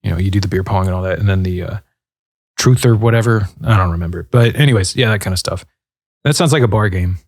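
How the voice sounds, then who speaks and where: Man in his thirties, podcast host, low voice, rambling casual chat, dry close mic. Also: fast talker, dry recording. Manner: laid-back and rambling, with frequent fillers. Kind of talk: casual podcast chat answering listener questions.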